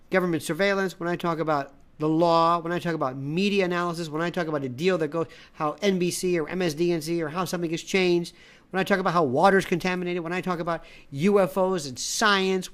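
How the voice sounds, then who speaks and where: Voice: medium pitch, a bit bright. An independent media analyst delivering an opinionated commentary, ranting and repeating phrases for emphasis, often acting out quoted conversations.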